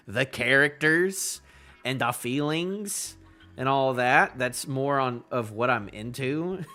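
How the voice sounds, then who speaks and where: A young man hosting a casual live reaction stream, talking in animated, rambling asides full of restarts. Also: mid-range voice. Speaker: host reacting to a new comic chapter.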